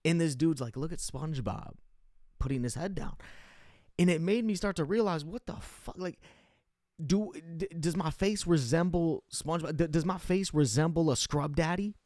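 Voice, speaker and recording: A man's voice: a little high, normal speed, a little mellow, no room sound, studio quality. A young man telling a rambling, profane comic story in a casual monologue, full of fillers and restarts.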